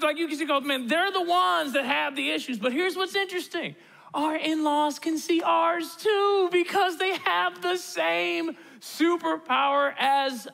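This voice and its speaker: A man in his thirties preaching a sermon to a church audience, animated and conversational, acting out the voices he quotes. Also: high-pitched. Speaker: pastor. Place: large church auditorium. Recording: long reverb of a large hall.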